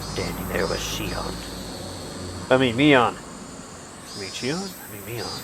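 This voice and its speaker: A man hosts a let's play, reading a visual novel aloud while tossing in animated, laughing asides and swearing. His voice is lowish and slow, with frequent pauses. Traffic noise can be heard behind him.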